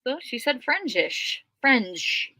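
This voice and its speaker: Bright-voiced chatty Minnesotan woman. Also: high-pitched, big pitch swings, takes it slowly, no echo. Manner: chatty, rambling, frequent ums. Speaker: guest. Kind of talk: casual livestream storytelling.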